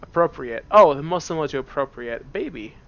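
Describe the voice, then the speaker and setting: A man's voice: mid-range voice, moderate pace, gravelly, a bit bright, lo-fi sound. A man casually joking and rambling through commentary on a game, seated at a computer at home. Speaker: let's play gamer.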